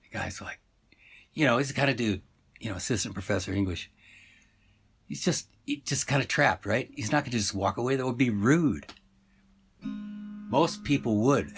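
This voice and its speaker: Gravelly, meandering male storyteller. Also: lowish voice. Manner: meandering, full of fillers. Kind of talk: rambling oral storytelling.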